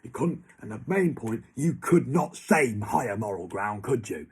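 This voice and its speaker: A man's voice: medium pitch, very animated, moderate pace, hardly any pauses, darkish tone, slightly rough. A young man, ranting angrily to someone who is not there. He swears heavily and keeps repeating that person's name. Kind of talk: angry monologue to an absent person.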